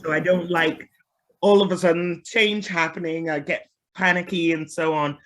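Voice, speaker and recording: A woman's voice: fairly low pitch, steady tone, normal speed, a bit bright, slight background noise. A woman from Liverpool, a singer and guest, telling her story in a candid, chatty way with frequent laughs. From Liverpool, England. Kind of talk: casual storytelling interview.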